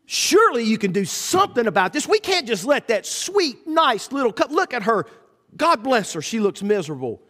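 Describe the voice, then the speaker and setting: A man's voice: extremely high pitch, big pitch swings, moderate pace, bright, forceful tone, heavily acted. A man voicing a compassionate, insistent motherly woman. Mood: pleading. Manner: pleading, insistent. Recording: echoey hall.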